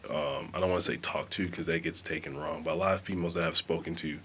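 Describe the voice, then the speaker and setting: Deep-voiced man rambling to camera. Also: steady tone, fast, hardly any pauses, a bit bright, husky. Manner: rambling, filler-heavy, conversational. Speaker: vlogger and musician. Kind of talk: casual talk to camera. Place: small sound-deadened room.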